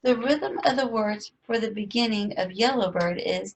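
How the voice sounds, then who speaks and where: A woman teaching a children's music lesson, gently asking questions and singing short phrases and rhythm syllables. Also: mid-range voice, normal speed, few pauses, a little hiss or hum.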